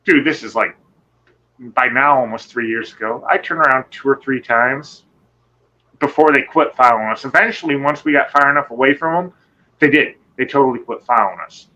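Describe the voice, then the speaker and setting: A man recounts a nighttime encounter in a loose, rambling way, cursing freely and jumping into the voices of the people in his story. His tone is bright and forceful, and the sound is dull and lo-fi, like an online call. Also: mid-range voice, a little fast. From Michigan. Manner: animated, rambling, swearing, acts out quotes. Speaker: guest telling an encounter story. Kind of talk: casual storytelling on a live show.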